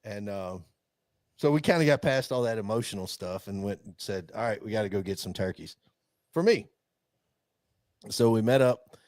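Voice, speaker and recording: A man's voice: on the low side, moderate pace, pauses often, darkish tone, no room sound. A man co-hosting a podcast, rambling through a hunting story with lots of restarts and chuckles. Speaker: podcast co-host. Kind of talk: casual chat.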